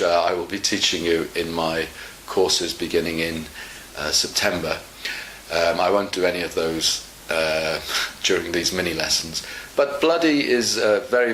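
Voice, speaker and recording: A man teaching English in a relaxed online lesson, explaining slowly and patiently with many fillers. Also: low-pitched. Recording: echoey room with faint hiss.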